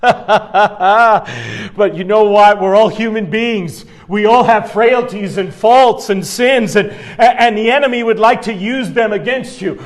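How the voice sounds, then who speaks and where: A man's voice: high-pitched, measured pace. A man preaching a sermon as pastor, talking to the congregation in a conversational way with asides and chuckles.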